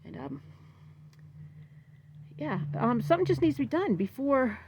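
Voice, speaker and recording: Upset woman venting with a gravelly voice. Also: high-pitched, very animated, a little slow, a little mellow, a little hiss or hum, rough recording. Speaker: vlogger. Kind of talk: casual storytelling vlog.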